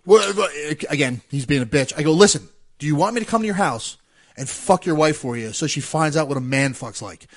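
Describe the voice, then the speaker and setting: Profane, high-voiced man in his forties. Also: fairly quick. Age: 40s. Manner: profane, animated storytelling, acting out both sides of an argument. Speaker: comedian telling a story. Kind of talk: casual podcast chat.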